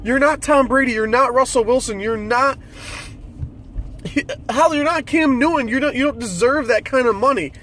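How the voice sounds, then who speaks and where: High-voiced man on a profane rant. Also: moderate pace, fairly bright tone, a little hiss or hum. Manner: profane, irritated, ranting. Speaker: football fan commentator. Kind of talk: solo sports rant.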